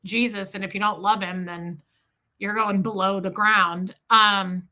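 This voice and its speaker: A woman hosting a casual livestream. She tells a story in an animated, sarcastic way, swearing freely and thanking viewers for super chats. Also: mid-range voice, a little slow. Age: adult, mother of a school-age son.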